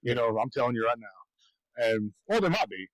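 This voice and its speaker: A man's voice: mid-range voice, very animated, moderate pace, dry recording, poor audio. A man co-hosting a podcast, telling rambling stories in casual chat and laughing often. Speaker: podcast co-host.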